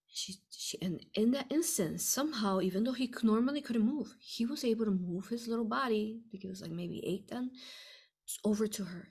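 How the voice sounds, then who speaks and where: A woman hosting a livestream Q&A, rambling and repeating herself, asking "right?" and sometimes dropping to a soft whisper. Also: medium pitch, slightly rough. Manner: drops to a soft whisper at times. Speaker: host answering viewer questions. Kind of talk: livestream Q&A talk.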